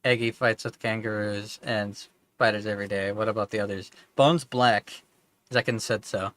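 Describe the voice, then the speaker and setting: A man's voice: on the low side, steady tone, normal speed. A young man from Minnesota chatting casually on a gaming stream, rambling and swearing freely. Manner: rambling, profane, loose. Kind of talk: casual chat while gaming. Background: loud music.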